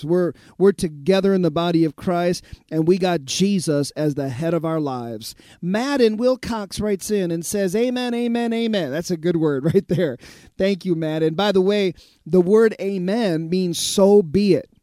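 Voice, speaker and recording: A man's voice: high-pitched, mellow, no echo, clean studio sound. A man who pastors a radio show, preaching emphatically and reading out listener messages. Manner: emphatic preaching, repeats phrases.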